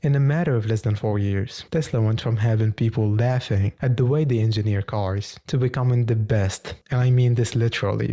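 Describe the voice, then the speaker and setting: A man narrates scripted video commentary, pressing each point in an emphatic, insistent way. His voice sits low and sounds dark and mellow. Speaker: channel narrator.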